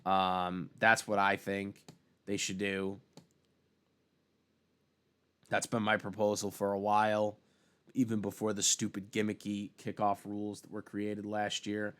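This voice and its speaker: A man's voice: fairly low pitch, monotone, normal speed, fairly bright tone, clean tone. A young man giving a casual, profane opinion rant about sports, with many fillers and restarts. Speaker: sports commentator vlogger.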